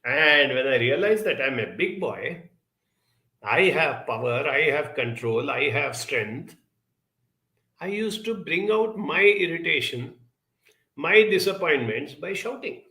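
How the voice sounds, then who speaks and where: Earnest man with a bright voice. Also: on the high side, expressive, takes it slowly. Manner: earnest, storytelling, addresses listeners directly. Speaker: speaker. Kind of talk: reflective talk with a personal story.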